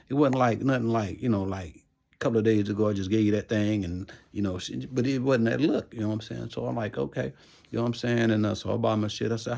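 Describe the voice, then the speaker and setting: A man's voice: mid-range voice, brisk, a little mellow. A man casually telling a rambling personal story, full of profanity and repeated "you know what I'm saying". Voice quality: gravelly and husky.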